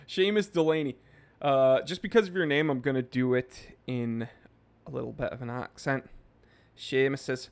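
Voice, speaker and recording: A man in his thirties hosts a livestream, casually reading viewer comments aloud and joking with the chat. His voice is medium-pitched and his speed normal.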